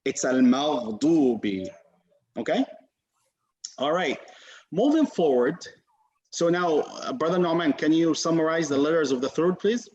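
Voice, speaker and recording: Patient male teacher, slightly high voice, muffled video call sound. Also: expressive, moderate pace, long pauses, a little mellow. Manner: patient, encouraging, demonstrates sounds. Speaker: Quran recitation teacher. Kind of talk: online class teaching.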